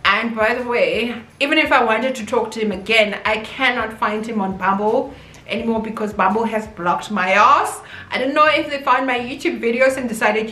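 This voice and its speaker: A young South African woman chats animatedly with viewers in a storytime vlog, her accent clearly South African. She speaks at normal speed with a slightly high, sharp voice, and the recording carries room echo and soft music.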